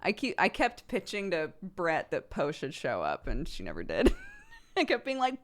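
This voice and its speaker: A woman's voice: fairly low pitch, huge pitch swings, normal speed. A woman streamer chatting casually with viewers, talkative and laughing often, with many fillers. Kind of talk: casual livestream chat.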